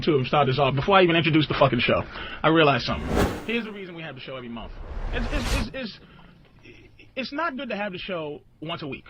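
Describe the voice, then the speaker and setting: A man hosting his own show, ranting crudely and laughing as he talks. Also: on the high side. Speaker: show host. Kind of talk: profane comedic rant. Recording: lo-fi played clip, loud background noise.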